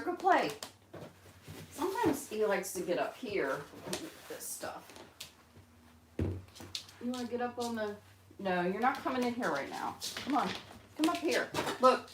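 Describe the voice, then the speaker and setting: Woman, pet bird owner, unhurried talk, sing-song baby talk, roomy home recording. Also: very animated. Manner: coos and coaxes her birds in high baby talk. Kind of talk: casual live stream chat. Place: room at home with pet birds. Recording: echoey room, noisy background.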